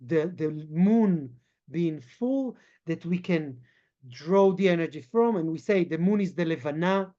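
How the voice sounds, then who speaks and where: A man's voice: high voice, darkish tone. Man teaching, checking in with "okay?". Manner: checks in with a frequent questioning "okay?"; halting, with many fillers and restarts. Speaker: spiritual teacher. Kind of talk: explanatory talk. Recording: dull lo-fi recording.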